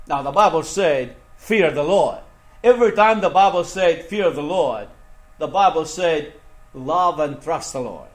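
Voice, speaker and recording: A man preaching a sermon. He swings between hushed, low passages and raised, emphatic ones, and he asks the congregation questions for them to answer. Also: animated, a little slow, roomy sound.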